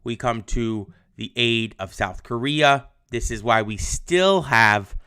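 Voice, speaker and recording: A man's voice: mid-range voice, lively intonation, takes it slowly, bright, forceful tone, clean tone. A young adult male history teacher giving a casual livestreamed lesson, chatty with lots of ums, answering viewer comments. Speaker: high school history teacher.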